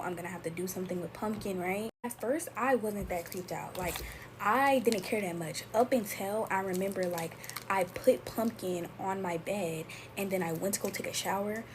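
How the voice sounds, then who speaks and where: A chatty young woman telling her story in a relaxed, yapping way, talking right to the people watching. her voice sits at a middle pitch, and a faint hum of room noise runs under it. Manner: chatty, talks straight to viewers as y'all. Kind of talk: casual storytime chat.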